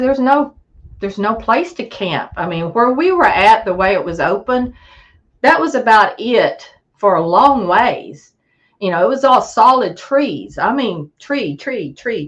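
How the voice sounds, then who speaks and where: A woman tells a story in a relaxed chat, her pitch swooping up as she acts out the voices of the people she quotes. The sound is muffled and lo-fi, like call audio. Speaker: podcast guest.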